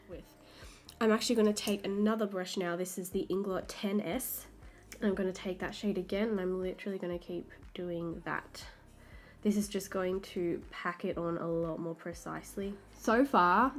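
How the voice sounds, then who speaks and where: An Australian woman, a makeup artist, chatting through a makeup tutorial step by step as she works. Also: fairly low pitch. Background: soft background music.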